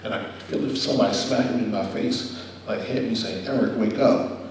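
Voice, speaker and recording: A young man giving a guest speech, telling a personal story with animated, acted-out quotes. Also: lowish voice, brisk, slight background noise. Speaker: guest speaker. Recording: echoey hall from far off.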